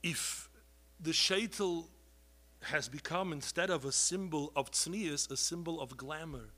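Preacher guy, high bright voice, passionate, keeps pleading, everywhere. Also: a little slow. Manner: pleading, rises to loud outbursts, heavy Yiddish and Hebrew terms. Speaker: rabbi giving a talk. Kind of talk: impassioned sermon.

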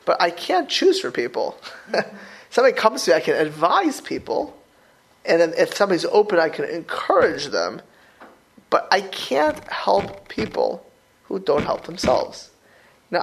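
Animated high-voiced rabbi teaching. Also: male voice, creaky, poor audio. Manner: animated, stumbling restarts, rhetorical questions. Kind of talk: Torah class talk to a room. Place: room with a live audience.

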